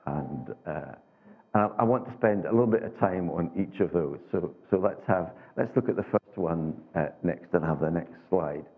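Halting male preacher on a tinny line. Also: sits low, creaky, slightly rough. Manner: conversational, halting with many restarts and rhetorical tags. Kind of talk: sermon. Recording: tinny phone-like sound.

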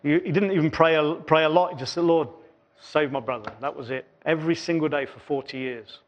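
A man with a high-pitched voice preaches a sermon in church. He speaks earnestly, building phrases through repetition and letting his voice fall quieter between them. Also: fairly even intonation, quick pace, lo-fi sound. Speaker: pastor.

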